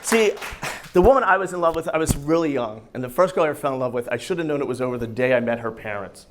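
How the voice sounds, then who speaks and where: A man performing a profane, animated standup comedy set on a club stage. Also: mid-range voice, fast talker, noisy background. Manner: animated, profane, loud bursts over crowd laughter. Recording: live club recording with crowd laughter. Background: audience laughing.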